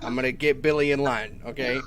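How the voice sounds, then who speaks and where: A man playing a tabletop role-playing game, talking in character in an animated, stammering way and laughing often. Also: medium pitch, a little fast, slight background noise. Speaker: player.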